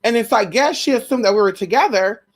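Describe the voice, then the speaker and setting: A fast-talking woman with a fairly high voice hosts a live stream about celebrity spirits. She keeps it casual and gossipy, with a brash, sassy, slang-heavy style and lots of cursing.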